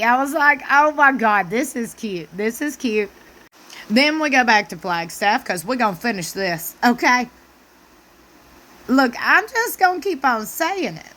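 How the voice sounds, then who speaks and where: Southern woman recap host, sassy and preachy, bright sharp tone, a bit high. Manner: sassy, talks back to the screen, preacher-like asides. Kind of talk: casual reality-TV recap commentary.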